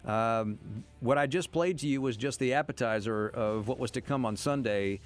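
A man's voice: medium pitch, normal speed, soft background music. A man hosting a morning radio show, chatting casually about politics and chuckling between points. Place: radio studio.

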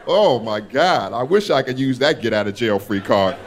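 A man performing a stand-up comedy set on a club stage, animated and acting out characters. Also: medium pitch, moderate pace, a little hiss or hum.

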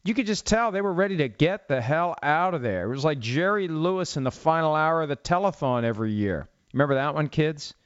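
In a casual sports commentary monologue, a middle-aged football talk show host tells rambling stories with wry sarcasm. His higher voice is smooth and lively in intonation, moving fairly quickly with few pauses. The audio is lo-fi and a little dull.

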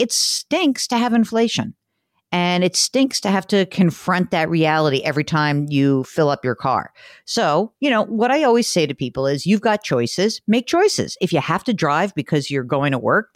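A woman hosting a radio call-in advice show, talking in a blunt, ranting, lively way. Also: deep voice, dry recording, studio quality.

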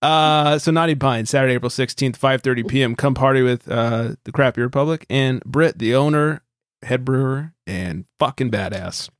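A man's voice: mid-range voice, normal speed, dry recording, clean studio sound. A man co-hosting a casual podcast, teasing and laughing often while plugging an event. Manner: laughs a lot, goofy and teasing. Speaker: podcast co-host. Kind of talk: casual chat.

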